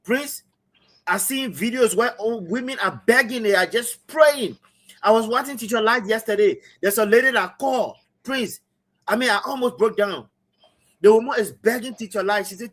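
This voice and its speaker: A man's voice: high-pitched, normal speed, fairly bright tone. Liberian-accented male host, impassioned commentary, keeps hammering his points. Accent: Liberian English. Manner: emphatic, repetitive, addresses co-host as brother. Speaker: talk show host. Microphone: streaming setup.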